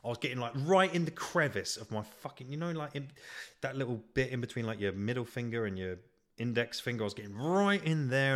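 British man, podcast host, sweary comic rant, exasperated, self-mocking, mid-pitched voice. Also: animated, fast. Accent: British English. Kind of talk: solo comedic rant. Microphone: podcast microphone.

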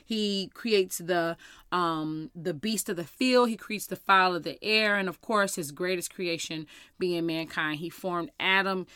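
A woman's voice: lowish voice, bright, forceful tone, smooth, dry recording, clean studio sound. A woman hosting a faith podcast, talking earnestly and conversationally about prayer and rest, with scripture quotes. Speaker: podcast host and minister. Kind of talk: devotional podcast talk with scripture reading.

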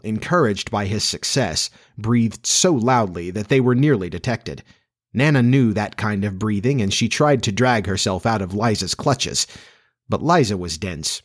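A man reading a classic children's story aloud as narrator, measured and expressive. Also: lowish voice.

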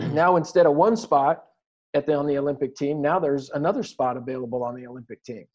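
A man's voice: on the high side, a little fast, darkish tone. A man telling his story in an interview, earnest and reflective, often restarting his sentences. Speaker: guest athlete. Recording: dull lo-fi recording.

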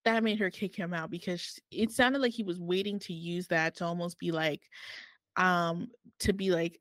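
A woman's voice: fairly low pitch, fairly even intonation, normal speed, a bit bright, no echo. A woman co-hosting a book podcast, chatting casually and retelling a story with lots of quoted voices.

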